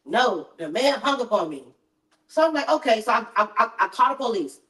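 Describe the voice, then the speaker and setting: A woman with a high, bright pitch tells her story as an interview guest, animated and repetitive, acting out the lines others said to her. Her voice sits far from the mic in an echoey room. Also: fairly quick. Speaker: interview guest, mother of the deceased. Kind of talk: emotional storytelling, reenacting conversations.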